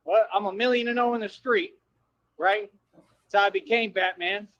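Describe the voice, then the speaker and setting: Confronting his viewers in slang, a man on a livestream rants and repeats himself at normal speed. His voice is high and a bit bright, with fairly even intonation. The dull, dry audio has slight background noise.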